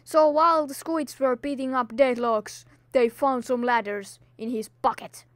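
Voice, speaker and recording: A woman's voice: high-pitched, fairly even intonation, measured pace, dry recording. A woman hosting a Minecraft let's play in a put-on, theatrical voice, scolding enemies and exclaiming dramatically, in slightly non-native English. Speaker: gaming video host.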